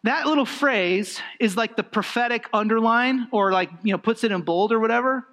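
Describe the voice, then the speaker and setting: A man preaching a sermon, emphatic and animated, with rhetorical questions and lively swings in emphasis. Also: extremely high pitch, moderate pace. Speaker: pastor.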